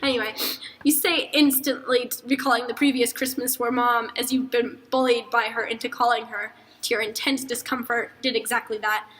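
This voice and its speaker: A young woman reads fan fiction aloud among friends, breaking in with crude jokes. Her voice is a little high and very bright. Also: fairly even intonation, fairly quick, low-quality recording. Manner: crude, joking asides. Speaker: reader.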